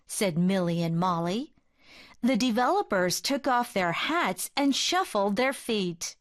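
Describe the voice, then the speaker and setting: A woman reading a children's picture book aloud, gentle and expressive. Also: mid-range voice, measured pace, no room sound, studio quality. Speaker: storybook reader.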